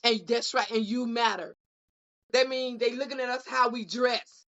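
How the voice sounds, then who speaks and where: Her fairly bright voice runs on the high side, moderately paced with fairly even intonation. In dull, lo-fi audio, this union caucus co-host closes a podcast panel with heartfelt remarks, her emotional repetition sounding preacher-like.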